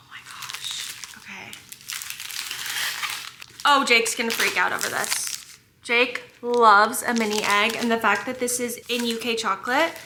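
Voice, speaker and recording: An American woman chatting casually in a home vlog, gushing and excitable, with lots of "like". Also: fairly high pitch, slight background noise. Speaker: vlogger.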